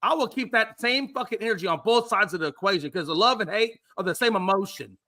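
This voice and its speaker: A man's voice: sits high, lively intonation, quick pace, bright, forceful tone. A man co-hosting a casual sports talk show, brash, profane and argumentative.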